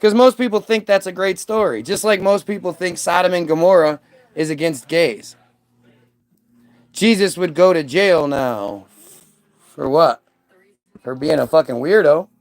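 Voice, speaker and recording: Male commentator, high-pitched, irreverent rambling rant delivery. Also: measured pace, long pauses. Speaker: online commentator. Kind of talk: casual comedic rant.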